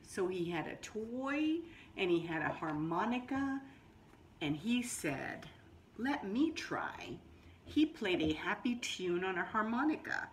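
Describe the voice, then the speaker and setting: A woman teacher reading a picture book aloud to children, explaining words as she goes, with drawn-out storybook phrasing and sudden high exclamations. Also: big pitch swings, slight background noise.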